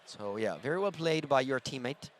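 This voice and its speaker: A man's voice: medium pitch, expressive, normal speed. Male commentator, chatty with fillers, faint hall noise behind. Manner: chatty, frequent fillers and restarts. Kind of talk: live tournament commentary. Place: event hall.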